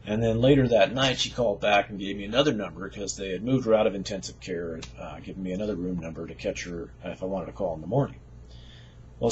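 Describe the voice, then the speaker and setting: Lower-voiced man telling a story. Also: dull audio, slight background noise. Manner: conversational, folksy, with fillers and chuckles. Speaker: storyteller sharing a faith testimony. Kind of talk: casual spoken storytelling.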